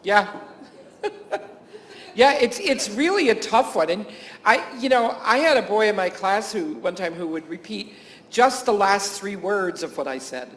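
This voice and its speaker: A high-pitched man speaking at a professional symposium. He tells classroom and camp stories in a loose, anecdotal way, chuckling often and restarting his sentences. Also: animated, unhurried, a bit bright. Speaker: teacher and camp staff speaker. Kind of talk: conference talk to health professionals.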